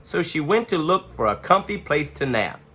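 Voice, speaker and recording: A man reads a children's storybook aloud with a very animated, playful delivery. His voice is bright and forward, climbing and dipping with the story. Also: on the high side, moderate pace, breathy edge. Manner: expressive, playful.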